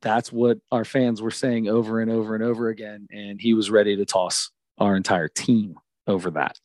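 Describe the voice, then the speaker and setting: A man, a youth baseball coach, telling a story in an animated, emphatic way during a casual podcast chat on a close mic. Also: lowish voice, normal speed, no room sound.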